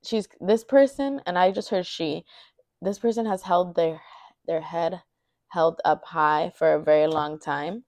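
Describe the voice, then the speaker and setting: Woman, lowish voice, loose rambling tarot reader, close dry sound. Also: measured pace, darkish tone, dry recording. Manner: rambling, thinking aloud with many fillers. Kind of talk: intuitive card reading, casual monologue.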